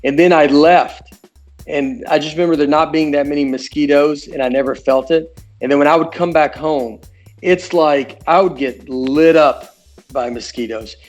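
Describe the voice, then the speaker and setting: A man's voice: on the high side, moderate pace, soft background music. A man from Tennessee with a Southern accent, a comedian answering interview questions in a rambling, self-interrupting way with dry asides. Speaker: comedian guest. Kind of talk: casual interview chat.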